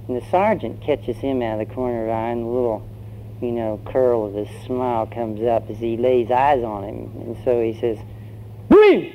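A pastor preaching, telling a story in a conversational way with fillers. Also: male voice, mid-range voice, dark tone. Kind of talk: sermon with storytelling. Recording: dull lo-fi sermon recording, faint hum.

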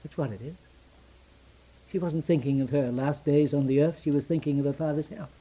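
Male preacher, slightly high voice, sermon, rhetorical questions, slow stressed phrases, loud then hushed. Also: steady tone, rough recording. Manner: rhetorical questions answered in short repeated phrases; swings from loud emphatic lines to hushed near-whispers.

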